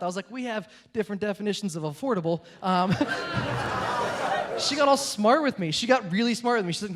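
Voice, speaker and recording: A young male comedian doing stand-up, his voice sitting noticeably high for a man. He talks fast and a little awkwardly, stringing bits together with plenty of "like"s. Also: animated, a bit bright, slight background noise. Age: young adult. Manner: awkward, quick, filler-heavy delivery with many "like"s. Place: comedy stage with a laughing audience.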